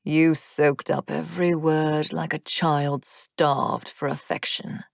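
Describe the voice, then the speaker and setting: A cold, taunting male demon warrior from an audiobook, voiced by a woman. He speaks slowly in a low, hushed register, with a smirk under every word. The dry, close recording keeps each breath intimate. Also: flat delivery, creaky, dry recording, heavily acted. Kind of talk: audiobook character voice.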